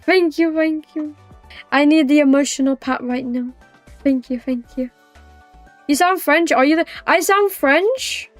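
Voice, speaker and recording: A woman's voice: sits high, a little slow, dry recording, faint music behind. A young British woman livestreaming, chatting with viewers in a rambling, teasing way and laughing easily. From Britain. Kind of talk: casual chat with live viewers.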